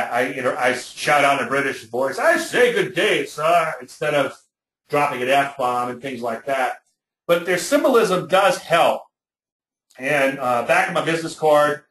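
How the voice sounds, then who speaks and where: A man's voice: medium pitch, a bit bright, slight background noise. A man with a Cajun accent teaching trading over charts, folksy and chatty, telling stories with plenty of fillers. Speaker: trading educator. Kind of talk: webinar lecture on stock charts. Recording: echoey room.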